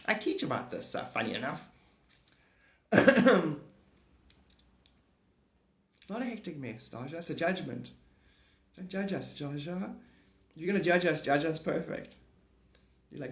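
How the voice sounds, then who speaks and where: A man's voice: a little high, big pitch swings, unhurried, creaky, long pauses, fairly bright tone. A man hosting a livestream, rambling through a monologue and answering chat comments aloud. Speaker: livestream host. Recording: echoey room.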